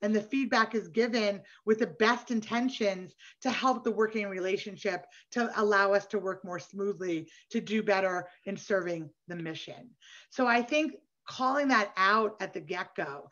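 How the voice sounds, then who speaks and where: A woman's voice: medium pitch, normal speed, fairly bright tone, lo-fi sound. A woman facilitating an online workshop for lay leaders and professionals, talking in a conversational, encouraging way with frequent asides like "right?" and "you know".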